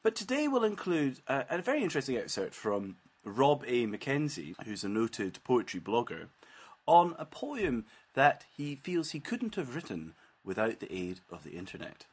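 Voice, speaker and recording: A man's voice: mid-range voice, wildly swooping pitch, normal speed, breathy edge. A man hosting a poetry podcast, reading a scripted introduction. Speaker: podcast host.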